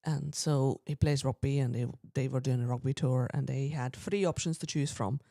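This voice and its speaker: In a very deep voice at a normal pace, a woman co-hosting a podcast spins out a lengthy personal anecdote in easygoing conversation. She keeps clearing her throat and brings the characters to life by imitating how they talked. The recording is dry and of studio quality.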